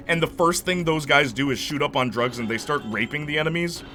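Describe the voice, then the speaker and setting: A man's voice: fairly high pitch, brisk, bright, forceful tone, soft background music. A man giving casual let's-play commentary, rambling and enthusiastic with many fillers. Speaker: gameplay commentator.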